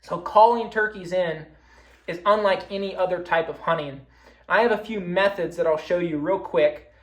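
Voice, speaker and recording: A man's voice: high voice, moderate pace. A young man giving a casual recorded talk on hunting, explaining his methods as he demonstrates them. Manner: casual, explains with hands-on calling demos. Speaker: hunting presenter. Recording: echoey room.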